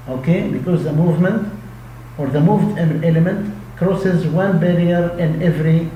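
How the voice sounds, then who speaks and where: Slow, deliberate male lecturer in echoey room. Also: a little high, mellow. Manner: slow, repetitive explaining with frequent "okay?" checks. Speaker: linguistics lecturer. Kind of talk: recorded lecture. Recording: echoey room with faint hum.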